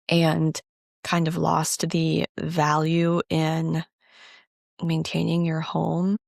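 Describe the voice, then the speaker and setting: A woman's voice: low-pitched, completely flat delivery, drawn-out words, creaky, a little mellow, no room sound, studio quality. A woman co-hosting a podcast in casual chat, talking freely and saying "like" and "dude" a lot. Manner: chatty, conversational, says "like" and "dude" often. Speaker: podcast co-host.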